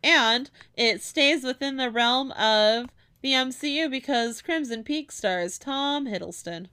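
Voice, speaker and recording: A woman's voice: high-pitched, pushed and bright, clean tone. A woman hosting a podcast, bantering in a playful, teasing way with her co-host. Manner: playful, teasing, quick to laugh.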